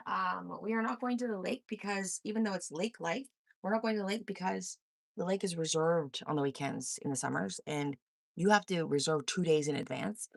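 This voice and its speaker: A woman's voice: fairly low pitch, creaky, no room sound, clean studio sound. A woman from Korea hosting a casual livestream, reading comments and giving blunt, profane opinions. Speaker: livestream host.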